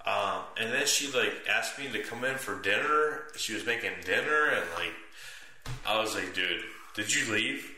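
A man's voice: lowish voice, expressive, moderate pace, bright, forceful tone. A young man telling stories as a podcast guest in drunk chat, rambling with lots of fillers. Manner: rambling, laughing, filler-heavy. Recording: echoey room with faint noise.

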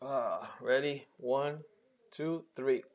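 A man co-hosting a podcast in casual chat, with animated, profane banter that often breaks into laughter. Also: mid-range voice, drawn-out words. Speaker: podcast co-host.

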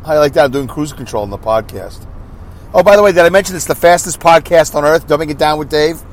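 A man's voice: a little high, quick pace. A man hosting his own podcast while driving, chatting in a rambling, self-mocking way full of asides. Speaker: podcast host. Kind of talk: rambling solo podcast chat. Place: inside a moving vehicle.

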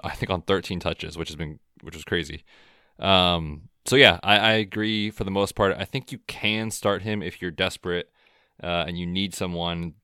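Deep smooth guy co-hosting a sports podcast, laid back, dry close mic. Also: dry recording. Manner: relaxed, chatty, frequent fillers. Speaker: podcast co-host. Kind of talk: casual sports chat.

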